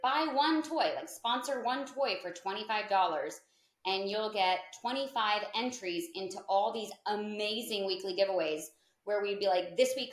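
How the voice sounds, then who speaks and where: Chatty woman guest on a podcast, thirties, says like a lot, mid pitch, kinda roomy echo. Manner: chatty, peppered with "like" and lively quoted asides. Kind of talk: casual storytelling in an interview. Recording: echoey room.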